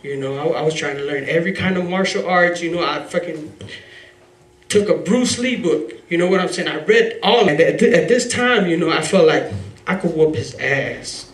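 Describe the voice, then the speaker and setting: A man's voice: a little high, normal speed. A man telling a raw, emotional personal story at a live story slam, rambling, swearing and filling gaps with "you know". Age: adult father. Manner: rambling, heavy on "you know" fillers, profane. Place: live event venue. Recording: roomy hall from a distance.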